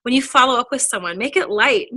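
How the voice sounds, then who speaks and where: Woman, 30s, upbeat trainer, bright and slightly high voice, dry close sound. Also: quick pace, no echo. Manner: chatty and upbeat, acts out quoted dialogue. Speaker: direct sales team trainer. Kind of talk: casual motivational training talk.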